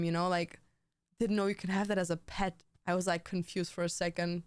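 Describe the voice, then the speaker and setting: Young woman streamer, casual profane banter, smooth clear voice, dry close sound. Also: on the low side, little pitch movement, a little fast, dry recording. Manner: rambling, profane, jokey banter. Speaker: livestreamer. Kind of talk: casual livestream chat.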